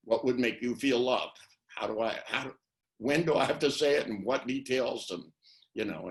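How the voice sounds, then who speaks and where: The speaker is an older man, an NLP trainer giving an interview on a video call in relaxed webinar style. With a lowish, slightly bright voice, he rambles through stories and dramatizes quoted phrases.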